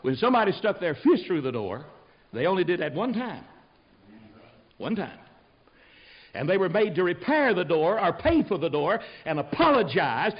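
An older American preacher delivers a folksy sermon, his voice rising high and lively, then dropping to a hush. He talks in a fairly high register, and the recording sounds dull and lo-fi. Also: normal speed, pauses often, slightly rough. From United States. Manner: animated, folksy, swinging from loud to hushed. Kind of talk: sermon with storytelling.

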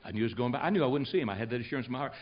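An older man from the United States preaching a folksy, storytelling sermon, swinging from loud to hushed. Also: mid-range voice, animated, racing. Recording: dull lo-fi recording.

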